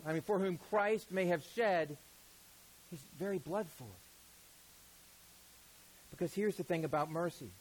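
A man preaching a Sunday sermon in a relaxed, conversational manner, with a fairly high speaking voice. He talks to the congregation with casual asides. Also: a little hiss or hum, rough recording. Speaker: pastor.

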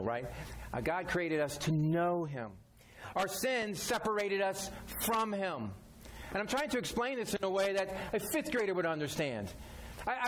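A man's voice: high-pitched, slight background noise. A man preaching a sermon as a pastor, talking directly and conversationally, repeating his key phrases.

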